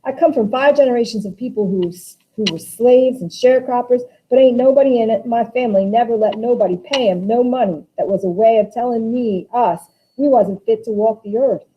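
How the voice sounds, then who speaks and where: A woman voicing Mama, a proud, grieving older mother, speaking quietly and with dignity in a dramatic play reading on a dull lo-fi recording. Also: on the high side, fairly quick, few pauses, slight background noise, lightly acted. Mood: sorrowful.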